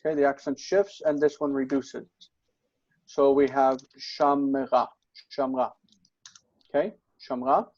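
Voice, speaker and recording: A man's voice: mid-range voice, flat delivery, unhurried, long pauses, a little mellow, muffled recording. A man tutoring Biblical Hebrew grammar, patient and explanatory, checking in often with his students. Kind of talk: online tutoring session.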